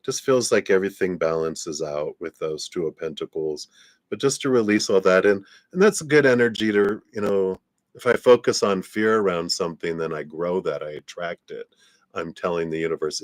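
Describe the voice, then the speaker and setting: A man's voice: low-pitched, moderate pace, no room sound, clean studio sound. A man giving a live-stream tarot reading in a laid-back, rambling way, often laughing and trailing off. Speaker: tarot reader.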